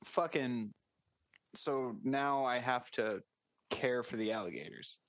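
A man improvising comedy bits in casual podcast banter, spinning absurd stories with deadpan wordplay. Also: medium pitch, takes it slowly, no echo.

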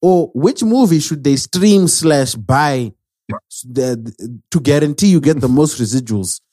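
A man's voice: fairly high pitch, expressive, unhurried, mellow, dry recording, studio quality. A man co-hosting a podcast, thanking and teasing his guest in a rambling, joking way. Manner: rambling, teasing, many restarts. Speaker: podcast co-host. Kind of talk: casual podcast chat.

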